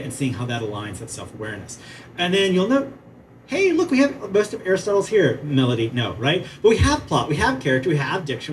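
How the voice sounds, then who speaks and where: A man teaching playwriting in a conference talk, lively and chatty, often checking in with "right?". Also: on the high side, far from the mic, slight background noise. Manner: animated, asks "right?" often, chatty asides. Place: museum theater at a conference.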